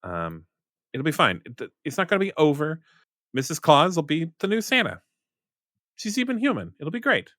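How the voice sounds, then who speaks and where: Bright-voiced man as game master. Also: a little high, wildly swooping pitch, moderate pace, no room sound, clean studio sound. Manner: rambling with fillers and laughs. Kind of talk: narrating a tabletop game.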